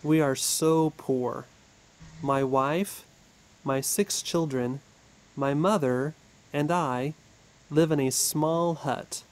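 A man's voice: fairly high pitch, fairly even intonation, slow, pauses often. A man doing a pleading poor father. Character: poor desperate village father. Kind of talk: storybook reading for English learners.

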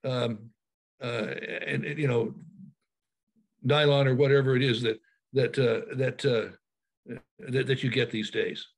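A man presenting a packing talk in a webinar, speaking over a video call, halting with many fillers and restarts. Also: mid-range voice, fairly even intonation, vocal fry.

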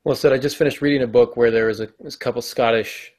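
A man's voice: mid-range voice, fairly even intonation, fast talker, darkish tone. A man co-hosting a podcast on fiction writing, chatty and laid-back in his delivery. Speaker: podcast co-host. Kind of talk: casual podcast discussion on writing.

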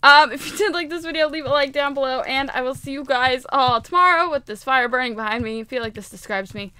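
A woman's voice: sits high, fast, sharp tone, clean tone, no room sound. A young woman giving casual, rambling commentary while playing a video game, chatty and giggly. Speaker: gaming YouTuber.

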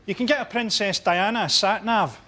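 A man doing stand-up on a panel show, delivering dark one-liners deadpan. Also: sits high, moderate pace. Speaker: stand-up comedian. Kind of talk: stand-up routine. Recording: noisy studio recording.

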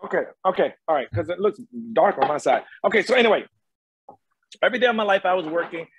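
A man's voice: sits high, lively intonation, fast, slightly rough, no echo, muffled recording. A middle-aged man, guest on an interview over a video call, telling stories emphatically and repeating phrases. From North Carolina, USA. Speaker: guest actor. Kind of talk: casual interview storytelling.

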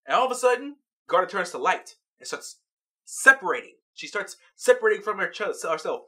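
Lively, bright-voiced episode recap. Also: medium pitch, brisk. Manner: animated storytelling, laughs often. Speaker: vlog host.

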